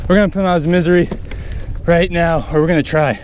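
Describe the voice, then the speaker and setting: A man's voice: on the high side, fast, a little hiss or hum. A man vlogging from a small boat at sea, exclaiming and cheering over a big catch. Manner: excitable, exclaiming, breathless. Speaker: fishing vlogger. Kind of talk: excited fishing vlog narration.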